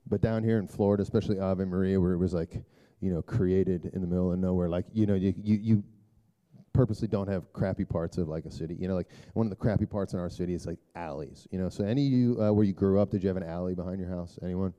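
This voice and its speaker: A middle-aged man giving a rambling, conversational sermon talk to a church group, full of filler words and throat clearing. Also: fairly even intonation, fast talker, muffled recording. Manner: turns hushed and low for prayer. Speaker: speaker addressing a church group.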